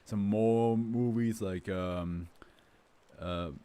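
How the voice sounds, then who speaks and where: A man's voice: on the low side, steady tone, drawn-out words, mellow, clear, resonant tone. A man talking in a loose, rambling way, full of fillers and laughs, then reading a document aloud as a streamer. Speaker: host reading to a live stream. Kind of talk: casual chat and reading aloud.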